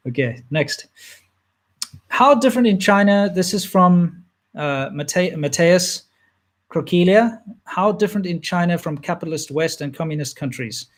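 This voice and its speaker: A man in his thirties talks loosely through a list of viewer questions, trailing off and restarting as he goes. His voice sits a touch on the higher side, and the whole thing has an easygoing, unscripted feel. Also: a little slow, long pauses. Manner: relaxed, rambling, frequent fillers and restarts. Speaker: channel host answering viewer questions. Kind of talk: casual livestream Q&A chat.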